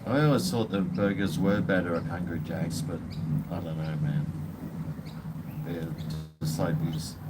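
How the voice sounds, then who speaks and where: A man's voice: low-pitched, a little slow, very noisy. An Australian man hosting a casual live stream, rambling and blunt, swearing freely while drinking beer.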